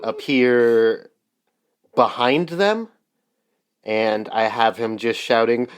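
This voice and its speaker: A man's voice: fairly low pitch, lively intonation, slow pace, pauses often, smooth. A man playing a tabletop game, speaking hesitantly with many fillers. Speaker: player.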